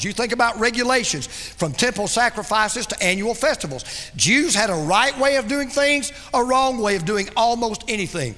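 A man preaching a sermon as pastor, with dramatic delivery that drops soft and low for emphasis. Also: long reverb tail.

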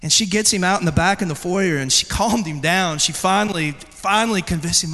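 A man preaching a chapel sermon, telling a story with animated delivery and crying out a child's words. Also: high voice, brisk, few pauses. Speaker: pastor. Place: large chapel hall. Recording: echoey hall with long reverb.

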